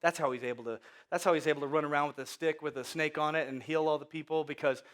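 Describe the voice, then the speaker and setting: A man preaching a sermon, telling the story with lively acted voices and sudden loud outbursts. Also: fairly high pitch, fast talker. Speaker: pastor.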